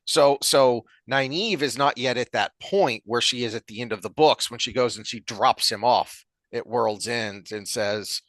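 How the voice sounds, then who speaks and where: A man co-hosting a podcast, talking in a rambling, animated way with frequent restarts. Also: mid-range voice, moderate pace, few pauses, no echo. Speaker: podcast co-host. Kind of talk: casual chat.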